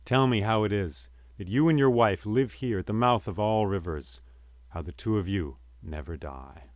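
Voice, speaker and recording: A man's voice: fairly low pitch, moderate pace, no echo, natural voice. A man doing a grieving hero king. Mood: sorrowful.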